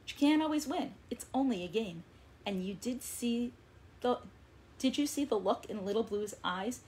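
A woman voicing Red Fin, a kind and patient young male fish who reassures his friends, in a gentle storybook reading. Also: fairly high pitch, expressive, moderate pace, a little hiss or hum, voice pushed up, close to an everyday voice. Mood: gentle, coaxing.

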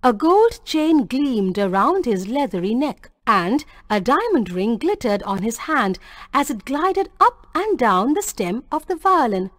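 A woman's voice: a little high, sing-song, unhurried, no room sound, studio quality. A woman teacher reading a textbook story aloud expressively.

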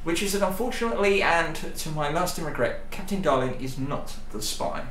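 A man's voice: a little high, normal speed, a bit bright, a little hiss or hum, lightly acted. A man playing a sardonic British army captain who talks in a dry, cutting way. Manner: dry, sarcastic. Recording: roomy echo.

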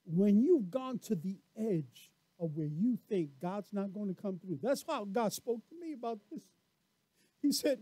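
A male pastor delivers a lively sermon and tells stories with acted-out voices. His speaking voice sits very high for a man, and the sound is dry and close with no room echo. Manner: animated storyteller, acts out voices, laughs often.

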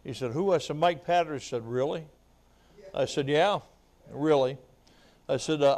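A man preaching a revival sermon, his voice sitting a little high for a man. He tells his testimony with frequent amens and laughs and grows louder and more fervent as he preaches, at times choked up. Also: normal speed. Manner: testimony storytelling building to loud preaching. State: choked up, weeping. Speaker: evangelist.

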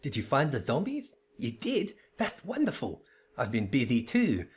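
A man's voice: medium pitch, huge pitch swings, moderate pace, husky, exaggerated voice. A man voicing a bubbly, trigger-happy young female assistant in a perky, eager, raised voice for a fantasy game read-through. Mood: cheery.

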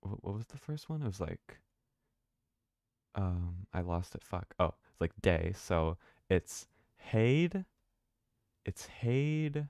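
Deep slow-talking man streaming a game. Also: lively intonation, vocal fry, a little mellow, dry recording, studio quality. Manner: rambling, thinking aloud, swears casually. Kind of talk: casual live-stream commentary.

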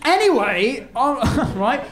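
High-voiced stand-up comedian. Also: male voice, slow pace. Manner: rambling, stammering, animated. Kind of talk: live stand-up storytelling. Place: live comedy venue. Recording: echoey live room with noise.

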